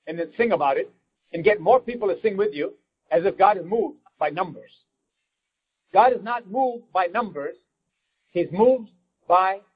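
A man's voice: high voice, a little mellow, husky, low-quality recording. A man preaching a fervent sermon as pastor, breaking into prayer addressed to God.

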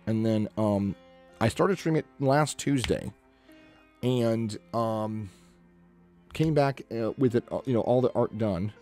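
A man's voice: lowish voice, measured pace, pauses often, mellow, faint music behind. A man chatting casually with his stream chat while he draws, rambling and muttering to himself as he works. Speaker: artist livestreaming a drawing session.

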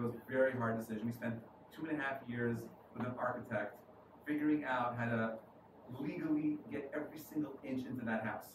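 A man with a New York accent, a rabbi giving a conversational sermon and often asking "right?" to his listeners. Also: mid-range voice. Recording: echoey room from far off, noisy.

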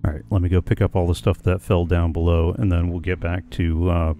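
A man with a low, mellow voice talks slowly through a live gaming stream. He thinks out loud, trailing off and restarting, and answers his chat as he goes. Soft music plays faintly behind him. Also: flat delivery. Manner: musing aloud, hesitant with frequent ums and restarts; chatting with viewers in the chat. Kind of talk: casual live-stream chat while playing.

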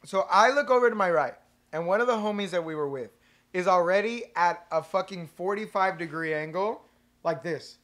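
A man's voice: sits high, moderate pace. A young man on a casual podcast, telling a story with lots of swearing and acting out the other people's lines. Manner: animated storyteller, swears a lot, acts out quotes. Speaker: podcast co-host, band member.

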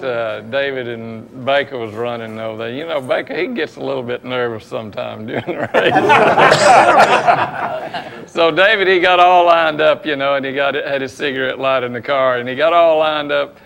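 A man's voice: medium pitch, moderate pace, creaky, fairly bright tone, a little hiss or hum. A man telling a short racing story with chuckles. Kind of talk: casual storytelling among old racers.

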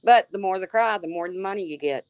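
A woman's voice: mid-range voice, fast talker, darkish tone, smooth, no room sound, dull audio. A woman hosting a livestream, sarcastically calling out a rival and answering her chat by name. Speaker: livestream host. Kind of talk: confrontational livestream rant.

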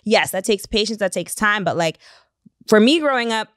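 A woman's voice: mid-range voice, expressive, moderate pace, fairly bright tone, dry recording, studio quality. A young woman co-hosting a podcast, chatting casually and telling stories with voiced quotes. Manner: outspoken, storytelling with voiced quotes. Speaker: podcast co-host. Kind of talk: casual group chat.

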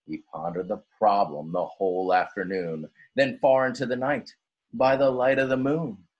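A male teacher reading a rhyming story aloud in an expressive, sing-song way. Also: on the low side, moderate pace, slightly rough, muffled recording.

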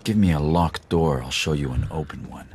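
An actor playing a terse master thief in a video game who speaks low and quiet, understated and dry. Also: male voice, moderate pace, slight background noise. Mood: muttering. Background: game music.

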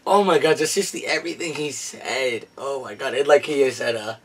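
A man reviewing a movie in casual chat, excitable and gushing, often exclaiming and laughing. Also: medium pitch, moderate pace, slightly rough, far from the mic.

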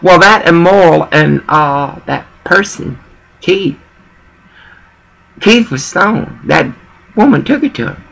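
A woman's voice: on the low side, lively intonation, slow, vocal fry, pauses often, poor audio. A woman talking in a rambling personal monologue, emotional and digressive, often repeating herself.

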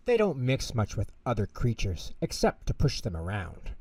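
Storybook role: big gentle whale, voiced by a man, friendly, chatty, lively, mellow-toned. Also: mid-range voice, normal speed, slightly rough, dry recording, exaggerated voice.

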